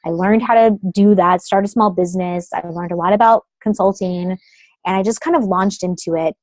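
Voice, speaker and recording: Chatty woman in her thirties, mellow voice. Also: medium pitch, fairly even intonation, fairly quick, dry recording. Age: 30s. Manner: chatty, uses many fillers like "like" and "um". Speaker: guest, creative consultant. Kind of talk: casual phone interview. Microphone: phone call.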